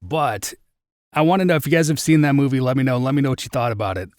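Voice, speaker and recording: A young man talks casually into a close mic, reviewing a film on a live stream. His voice sits at an ordinary middle pitch, and the sound is dry with no room around it. He rambles a little, leaning on "like" as he thinks aloud. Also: animated, quick pace, a little mellow, no room sound. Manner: rambling, chatty, lots of "like" fillers. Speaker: podcast host.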